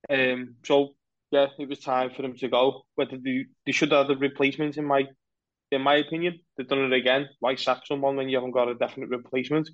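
A man co-hosting a casual football podcast, rambling through animated opinions. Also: mid-range voice, a little fast, no echo, dull audio. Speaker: podcast co-host.

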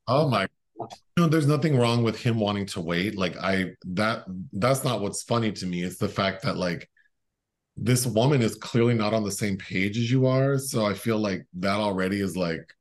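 A man with a somewhat low voice co-hosts a podcast in casual chat about a movie. He jokes a lot and laughs easily. His talk is loose and full of "like" fillers. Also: normal speed. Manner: joking, laughs often, many "like" fillers. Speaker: podcast co-host.

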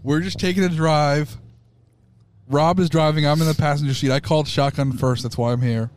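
A man in the passenger seat of a truck, chatting loosely and swearing a lot. His voice sits a bit high for a man, and he jokes quickly with his friends as the truck rolls along. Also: clear, resonant tone. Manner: profane, joking, excitable. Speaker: podcast co-host. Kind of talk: casual chat.

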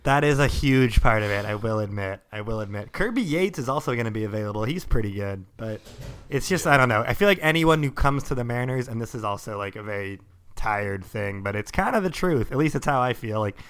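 Smooth-voiced man rambling about sports. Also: mid-range voice, animated, brisk, a bit bright. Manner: rambling, heavy use of "like". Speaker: podcast co-host. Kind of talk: casual sports chat.

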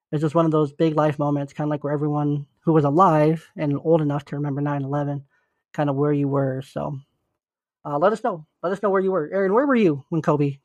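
A man's voice: a little high, a little mellow, dry recording. A young man co-hosting a podcast, down with the flu, talking in an earnest, encouraging and loose way. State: sick with flu. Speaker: podcast co-host. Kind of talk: casual podcast chat.

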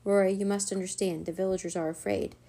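A woman voicing a calm, wise older male wizard teacher in a children's storybook reading, measured and authoritative. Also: medium pitch, natural voice.

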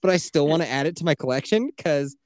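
A man's voice: on the high side, expressive, fast, darkish tone, dry recording. Man, 30s, podcast co-host. Casual, swearing storyteller who slips into quoted voices. Dry, close mic. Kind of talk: casual chat.

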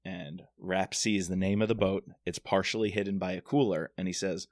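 Brief: low male voice, casual podcast co-host, lively plot retelling, dry close sound. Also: moderate pace, no echo. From Washington DC area. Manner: animated retelling, acts out characters' lines. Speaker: podcast co-host discussing a novel. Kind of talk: casual chat.

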